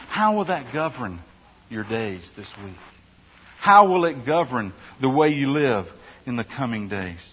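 A man's voice: medium pitch, very animated, measured pace, husky. A male pastor preaching a sermon in an earnest way, often restarting phrases and asking rhetorical questions. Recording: dull sound with long hall reverb.

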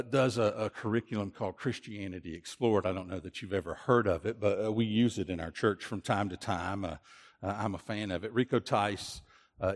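A man's voice: lowish voice, in a large hall. A man pastor preaching a sermon, earnest and repetitive, often restarting his phrases. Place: church.

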